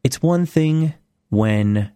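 A man's voice: mid-range voice, animated, drawn-out words, warm tone, smooth, dry recording, clean studio sound. A man co-hosting a casual comedic chat, wry and sarcastic, laughing often as he talks. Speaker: co-host.

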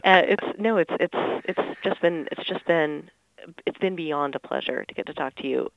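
A woman journalist on a podcast, talking in an animated, effusive way and laughing a lot. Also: deep voice, normal speed, vocal fry, dull audio. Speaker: radio journalist, podcast guest. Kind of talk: casual interview chat.

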